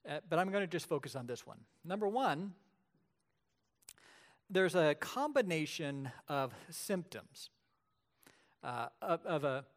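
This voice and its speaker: A man preaching a sermon as pastor, telling the story vividly and swinging between loud and hushed delivery. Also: on the high side, sing-song, measured pace, pauses often.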